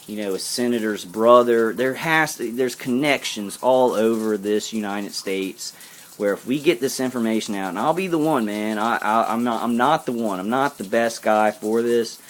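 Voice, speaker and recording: A man's voice: on the low side, a little hiss or hum. A man talking casually to his viewers, rambling and earnest, often breaking off and restarting his sentences. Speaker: vlogger.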